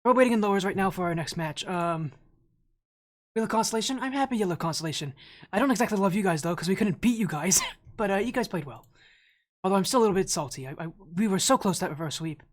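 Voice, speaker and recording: A man's voice: high-pitched, expressive, fast. A man streaming as an esports caster, chatting casually with viewers, slightly out of breath, rambling with restarts. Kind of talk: casual live-stream chat.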